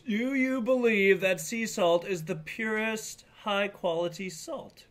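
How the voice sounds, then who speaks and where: A man's voice: high voice, slow, a bit bright. A man co-hosting a live stream, reading out viewer questions to a character. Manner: reads out chat questions to a character. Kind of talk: casual live stream chat.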